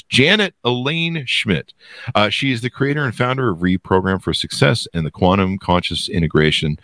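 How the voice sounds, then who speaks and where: A man hosts his podcast in a loose, joking monologue, teasing himself and flattering the audience. His voice sits low but swings widely. The sound is dry and close. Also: no echo. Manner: playful, self-mocking, mock-flattering, chuckles between lines. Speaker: podcast host.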